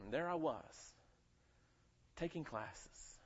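A male pastor with a light Southern accent preaches in a chatty, personal way, often checking in with his listeners. His voice sits a little higher than most men's, and the recording sounds somewhat muffled and lo-fi. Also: lively intonation, slow. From North Carolina. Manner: conversational preaching, calls for amens. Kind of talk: sermon.

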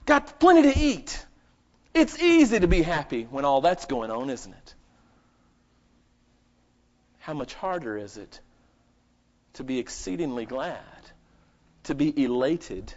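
Emphatic male preacher on a lo-fi recording. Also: medium pitch. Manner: swings between loud, emphatic bursts and quiet asides; asks the congregation rhetorical questions. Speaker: pastor. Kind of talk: live sermon. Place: church service. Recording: lo-fi dull recording.

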